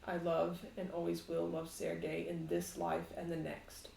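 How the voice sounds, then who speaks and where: A woman's voice: fairly low pitch, sing-song, measured pace, creaky, dark tone, a little hiss or hum, heavily acted. A woman voicing a distraught young bride who pleads and turns defiant, in a tabletop game. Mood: resolute. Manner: pleading, then desperate and frantic. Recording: echoey room.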